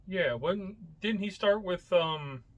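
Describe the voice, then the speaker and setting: A man's voice: high voice, lively intonation, slow, dull audio. A man co-hosting a casual podcast chat, rambling and searching for words with lots of fillers. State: coughing from hot coffee. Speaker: podcast co-host.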